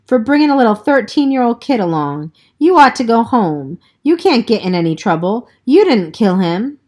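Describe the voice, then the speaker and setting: A woman reading aloud, voicing a scared, soft-spoken teenage boy on the run in a quavering, miserable tone. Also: fairly high pitch, sing-song, normal speed, pitched above the performer's own voice. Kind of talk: audiobook reading.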